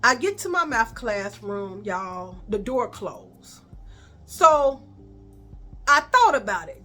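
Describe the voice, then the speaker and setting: A woman with a Chicago accent telling a storytime vlog, animated and profane, talking to viewers as y'all. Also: a little high, slow.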